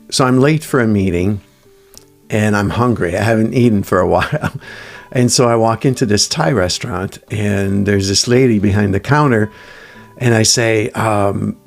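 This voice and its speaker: Gravelly man musing over soft guitar. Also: on the low side. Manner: thoughtful, halting, with restarts and quoted inner voice. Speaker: self-help speaker. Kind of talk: reflective solo talk with anecdotes.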